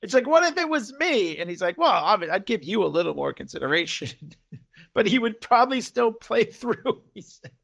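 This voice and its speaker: A podcast co-host with a high, gravelly voice talks fairly quickly in a casual recap of a TV episode. He's animated, acting out scenes and lines in loud, shifting voices.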